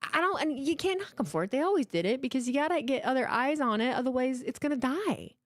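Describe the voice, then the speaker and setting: Animated woman in her thirties, dry sound. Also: high-pitched, fast talker, no room sound. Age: 30s. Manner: animated, emotional, swears freely, rambling restarts. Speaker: streamer hosting a live watchalong. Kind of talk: casual live-stream chat.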